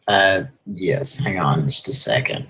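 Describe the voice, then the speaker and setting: A man's voice: sits low, slow pace, vocal fry, bright, forceful tone, rough recording. A man co-hosting a live show, making dry jokes in casual chat. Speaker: co-host.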